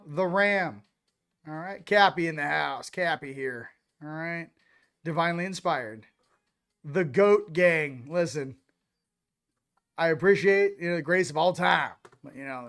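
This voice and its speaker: Hyped guy hosting a chill stream, kinda high and smooth voice, rambles a lot. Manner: hyped, shouting out viewer locations; loose, rambling, repeats "ladies and gents". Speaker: host. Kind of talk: casual livestream chat.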